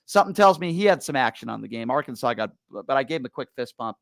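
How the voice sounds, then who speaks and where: Man, radio host, rapid storytelling, stumbling restarts, dry close sound. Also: medium pitch, animated, creaky, dry recording. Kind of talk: casual storytelling chat.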